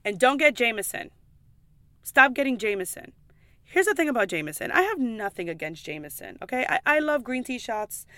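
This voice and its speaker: A woman's voice: medium pitch, fairly bright tone, dry recording. Chatty woman giving casual advice. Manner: chatty, emphatic, swears casually; frequent "like" and "okay?" asides. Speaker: pub server.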